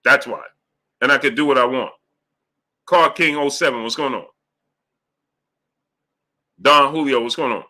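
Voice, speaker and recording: Heated, bright-voiced man ranting on a live stream. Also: mid-range voice, measured pace, pauses often. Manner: emphatic, argumentative, rhetorical questions. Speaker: boxing show host reading super chats.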